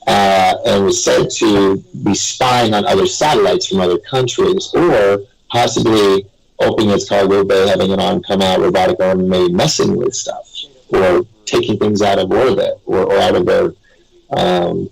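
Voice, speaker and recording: A man with a low, gravelly voice tells stories as a guest on a live web radio show. His tone is husky and a little rough, and he rambles from one thought to the next with small chuckles. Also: fairly even intonation, normal speed, poor audio.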